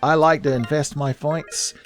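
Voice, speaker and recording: Joking man voicing game commentary. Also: faint music behind. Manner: joking, quick pitch jumps when excited. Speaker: let's play host. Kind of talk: casual gameplay commentary.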